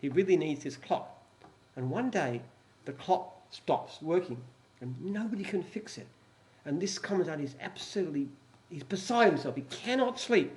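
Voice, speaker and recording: A man's voice: a little high, lively intonation, moderate pace, darkish tone. An older man, a company founder, talking casually on a live stream, stumbling and repeating words as he tells a story. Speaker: company founder answering questions.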